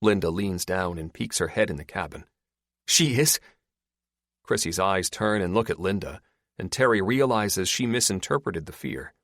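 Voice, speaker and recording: A man narrating an audiobook in a steady, measured reading. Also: low voice, no room sound, studio quality. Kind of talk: scripted narration.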